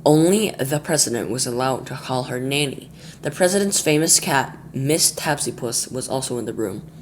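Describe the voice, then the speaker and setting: Brief: a man reading a children's story aloud, lively, faint noise behind. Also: medium pitch, normal speed. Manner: lively, with small slips and restarts.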